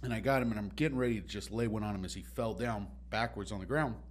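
A man telling a story in a relaxed, animated way, acting out the other people's lines. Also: lowish voice, fast. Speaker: podcast guest. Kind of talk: casual storytelling.

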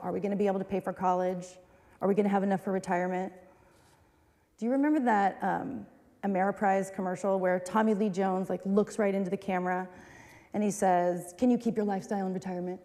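A woman's voice: mid-range voice, dark tone. Woman preaching in an echoing hall. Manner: conversational, candid, self-deprecating asides. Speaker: pastor. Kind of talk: sermon. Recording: long reverb of a large hall.

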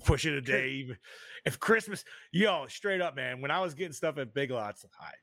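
A man's voice: mid-range voice, normal speed, no room sound. Podcast guy, swears a ton, says dude constantly, voice bounces all over, dry sound. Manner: animated, profane, says "dude" a lot. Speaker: podcast co-host. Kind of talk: casual chat.

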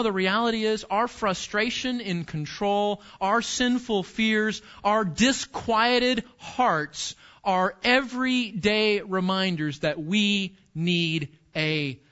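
A middle-aged male pastor preaching a sermon, talking with the congregation in a conversational way, asking them questions and slowing down to read scripture. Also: high voice, sharp tone, dull audio.

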